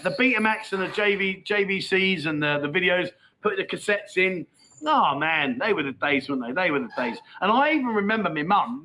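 Chatty man with a bright, high voice. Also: slight background noise, low-quality recording. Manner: chatty, matey, laughs easily. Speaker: livestream host. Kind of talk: casual livestream chat reading comments. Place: Pattaya, outdoors.

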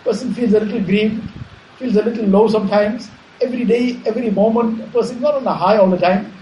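A man giving a measured Islamic sermon, repeating phrases and explaining Arabic terms. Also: sits high, steady tone, mellow, muffled recording. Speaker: Islamic preacher. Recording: echoey room, faint ambience.

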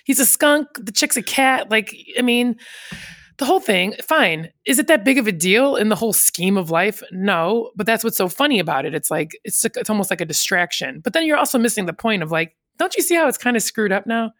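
A woman's voice: mid-range voice, expressive, a little fast, fairly bright tone, no echo, clean studio sound. A woman in casual conversation, rambling and chatty, laughing often and slipping into quoted voices of other people. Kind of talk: casual chat.

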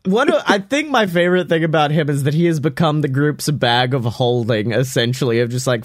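A young man chatting about the show he created. His voice sits a little high for a man, and it sounds dry and close, with no room echo. He talks animatedly, laughs often and swears freely. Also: animated, fairly quick, hardly any pauses. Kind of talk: casual podcast chat.

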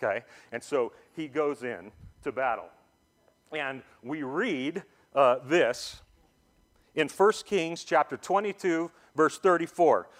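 A man's voice: a little high, lively intonation, slow. Man, pastor, sermon, casual storyteller, emphatic. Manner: casual storytelling, slangy retelling of scripture; builds to loud emphatic preaching.

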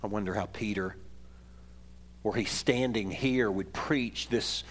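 A man preaching a sermon as pastor, swinging from loud, emphatic passages to quiet ones and raising his voice for scripture readings. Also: lowish voice, a little slow, husky. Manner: reads scripture aloud in a raised voice.

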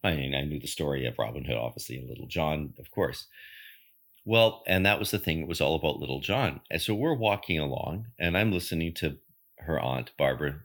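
A man's voice: extremely low pitch, expressive, fairly quick, fairly bright tone. An older man hosting a spiritual podcast, telling a personal story in an earnest, emphatic, reflective monologue. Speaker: podcast host and medium.

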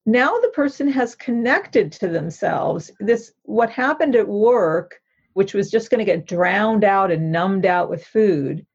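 A woman's voice: mid-range voice, animated, measured pace, husky, highs cut off. A woman therapist explaining a mindfulness practice in an interview, in an earnest, instructive way that often checks in with the listener. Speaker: therapist author.

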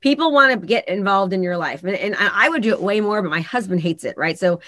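Quick-paced and medium-pitched with no echo, a woman who works as a real estate agent and coach shares candid stories in a casual podcast chat. She brings them to life by voicing the people she quotes.

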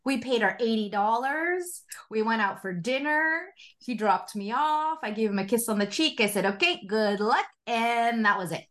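A woman in her forties who works as a spiritual life coach recounts something from her own life during a relaxed interview. She speaks at normal speed with a voice on the high side, laughing frequently and delivering it all expressively.

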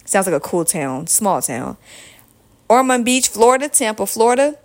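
Woman podcaster, casual and chatty, mid pitch, rattles off place names with asides. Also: sing-song, moderate pace. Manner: chatty, reading a long list of towns with asides. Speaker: podcast host.

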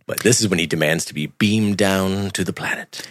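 A man's voice: sits low, no echo. A man co-hosting a podcast, riffing playfully and sarcastically on a movie, often laughing. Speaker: podcast co-host. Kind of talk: casual movie commentary chat.

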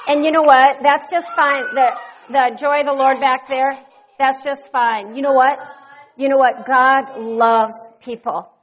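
A woman's voice: sits high, fairly even intonation, unhurried, highs cut off. A woman preaching a fervent sermon, leading the congregation in call-and-response and repeated thanks.

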